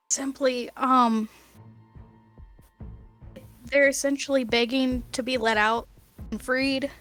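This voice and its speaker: A young adult woman playing a tabletop game, halting and unhurried, often restarting her sentences. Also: a little high, sharp tone. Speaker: player. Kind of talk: tabletop game play, casual chat.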